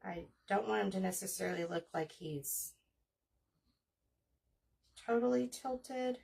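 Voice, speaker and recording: A woman's voice: mid-range voice, measured pace, creaky, darkish tone, husky, recorded from a distance. A woman in her forties chatting casually and rambling as she hosts a crafting livestream. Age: 40s. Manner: chatty, rambling, talks while working.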